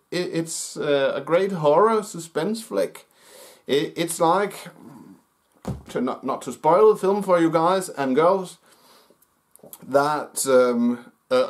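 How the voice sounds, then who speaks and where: A man giving a casual film review in a mid-pitched voice. He talks slowly and haltingly, with frequent fillers and restarts as he gathers his thoughts. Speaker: movie review host. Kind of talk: casual movie review talk.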